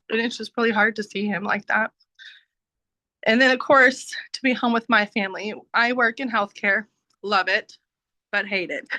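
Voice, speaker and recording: A woman's voice: fairly high pitch, sharp tone, no room sound, poor audio. A woman giving a heartfelt personal testimony over a video call, talking casually with frequent laughs and filler words. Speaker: business team member giving a testimony.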